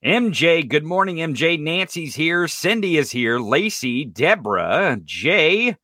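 A male podcast host in full rant mode, his pitch leaping up and down. His tone is bright and edgy, loaded with sarcasm and swearing, and the sound is close and dry with no room around it. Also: measured pace, no room sound. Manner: animated, profane ranting with laughs and sarcasm. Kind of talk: live-streamed political commentary.

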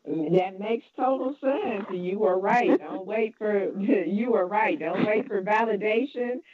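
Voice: medium pitch, takes it slowly. Encouraging podcast host on a tinny line. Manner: encouraging, agreeable, repeats phrases. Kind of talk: podcast interview, casual. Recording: dry, phone-like narrow sound.

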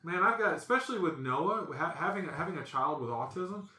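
A bright-voiced man spins a funny story on a casual podcast, jumping into animated voices for the people in it. His voice sits a bit high and carries with a ringing edge. The room around him has a clear echo. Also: fairly quick. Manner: animated, acts out quotes with lively voices. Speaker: podcast host.

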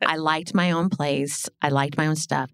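A middle-aged woman telling her life story as a podcast guest, animated and blunt, swearing and acting out what people said. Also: sits low, moderate pace, clean tone, no echo, clean studio sound. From Illinois. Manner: animated, swearing, acts out quoted dialogue. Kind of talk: casual storytelling interview.

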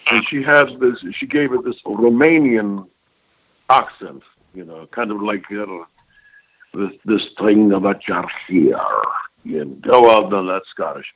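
A man's voice: on the low side, normal speed. An older man, a voice actor guest, telling rambling, emphatic stories in an interview and often checking in with his listener. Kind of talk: reminiscing interview talk. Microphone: phone call. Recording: phone line, lo-fi.

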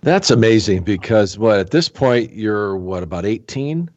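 A man's voice: lowish voice, expressive, darkish tone, highs cut off. A man hosting an interview show and reading an ad in a folksy, salesman-like way. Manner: folksy, salesman-like, asks quick questions. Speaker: podcast host. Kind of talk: interview and live-read ad.

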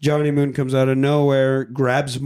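A man's voice: medium pitch, moderate pace, clear, resonant tone. Guy on a movie podcast retelling scenes, doing the characters, swears a lot. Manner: animated retelling with acted-out lines, swearing. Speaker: podcast host. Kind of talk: casual movie recap chat.

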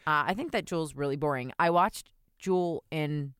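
A woman's voice: sits low, moderate pace, smooth, no room sound, clean studio sound. Chatty young woman podcast co-host. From New Jersey. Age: young adult. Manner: chatty, animated storyteller with acted quotes. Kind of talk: casual chat.

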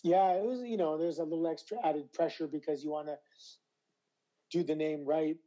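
Slightly hoarse man, dark mellow tone. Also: fairly high pitch, moderate pace, highs cut off. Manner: animated storyteller with frequent stammered restarts. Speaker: interview guest, former wrestler. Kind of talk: casual interview chat.

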